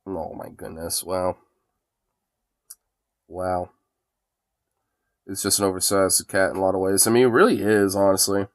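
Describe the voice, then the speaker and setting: A man's voice: deep voice, fairly even intonation, unhurried, pauses often. A man streaming casually, cooing affectionate baby talk to his pet cat.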